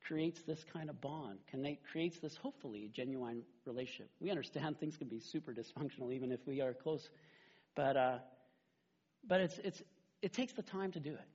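Husky middle-aged pastor preaching. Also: male voice, mid-range voice, fairly quick, muffled recording. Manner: animated, conversational, with frequent "right?" asides. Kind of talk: sermon.

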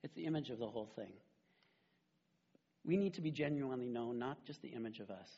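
A middle-aged man preaching a sermon as a pastor, animated and conversational, often checking in with "right?". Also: medium pitch, a little fast, slightly rough, muffled recording.

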